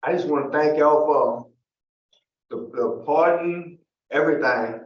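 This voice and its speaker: A man with a Louisiana accent addressing a parole board, halting and sincere, often repeating words as he goes. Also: on the high side. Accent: Southern US, Louisiana. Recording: distant, echoey, dull remote feed.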